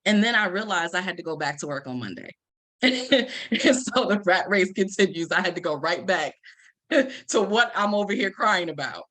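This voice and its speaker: A woman's voice: fairly low pitch, lively intonation, moderate pace, fairly bright tone. A woman, a life coach telling a personal story to an audience and acting out the lines she quotes. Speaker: life coach and Reiki practitioner.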